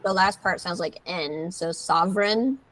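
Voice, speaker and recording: Slow, low-voiced woman tutor. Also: a little hiss or hum. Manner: patient, explains with many fillers. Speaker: English tutor. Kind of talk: slow, careful vocabulary teaching.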